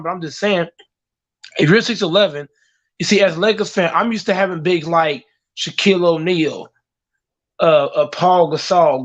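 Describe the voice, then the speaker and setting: A high-voiced man delivers heated sports opinions, hammering his points with repetition and profanity. The sound is muffled and lo-fi, like a call-in to an online show. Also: fairly bright tone.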